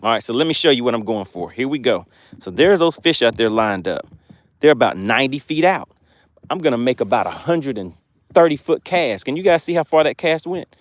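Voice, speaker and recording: A man's voice: medium pitch, animated, fairly quick, no echo. A man on a lake boat hosting a casual fishing livestream, chatting and reading viewer comments aloud. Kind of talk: casual live-stream commentary.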